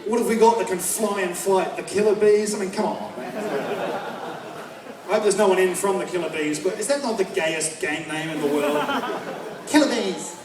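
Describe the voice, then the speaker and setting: Brash stand-up comic in a noisy club. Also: male voice, high voice, moderate pace. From North America. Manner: brash, swearing, mocking impressions. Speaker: stand-up comedian. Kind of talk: stand-up comedy set. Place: live comedy venue with audience. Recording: echoey live room, crowd noise, distant mic. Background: crowd laughter.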